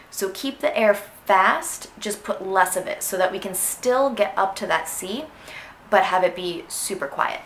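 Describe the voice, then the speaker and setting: A woman's voice: medium pitch, a bit bright. Chatty woman teaching clarinet, echoey room. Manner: casual, chatty, sings phrases aloud. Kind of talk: instructional music lesson. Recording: echoey room with faint noise.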